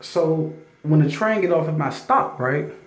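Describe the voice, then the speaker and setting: A man recounts a spiritual testimony in loose, excited talk, tripping over restarts as the story builds. He shifts into loud, emphatic scripture reading. His fairly high voice rings around a roomy, echoing space. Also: unhurried. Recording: roomy echo.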